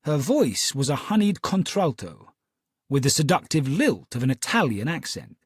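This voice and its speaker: An audiobook narrator with a husky, medium-pitched voice reads a scripted story in a measured, expressive way. The sound is clean studio quality with no echo.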